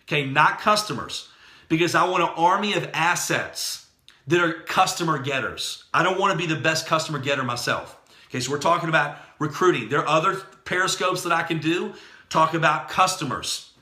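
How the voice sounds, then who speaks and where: A man giving an energetic, preachy motivational talk as a network marketing trainer, telling stories from his day. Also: fairly high pitch, reverberant.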